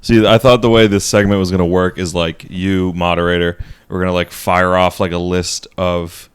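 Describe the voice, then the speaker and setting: A man with a deep, clear voice joking wryly in a casual podcast chat. The sound is dry and close, with no room echo. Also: little pitch movement, moderate pace. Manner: wry, dry humor. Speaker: podcast co-host.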